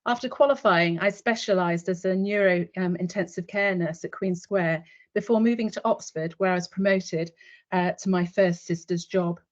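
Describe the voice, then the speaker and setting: A woman's voice: fairly low pitch, steady tone, moderate pace. A woman in her fifties, a retired military nurse, telling a vivid story in the second person as a guest speaker in an online webinar. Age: 50s. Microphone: video call. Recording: dull lo-fi online call audio.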